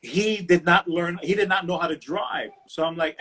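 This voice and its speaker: Husky, animated storytelling man. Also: high-pitched, moderate pace, hardly any pauses. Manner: animated, profane storyteller acting out quotes. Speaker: host. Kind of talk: casual storytelling chat. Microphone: livestream phone mic.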